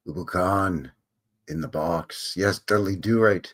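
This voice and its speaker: A man's voice: deep voice, very animated, unhurried. A man hosting a casual livestream from a room at home, chatting in a rambling way and interrupting himself. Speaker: channel host. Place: home room with windows open.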